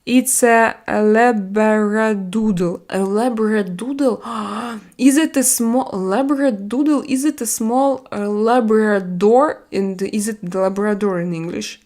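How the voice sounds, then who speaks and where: A middle-aged woman with a Russian accent and Russian as her first language, hosting a casual live-stream chat and answering viewers in halting speech full of fillers and restarts. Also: fairly high pitch, darkish tone. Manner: blunt and chatty.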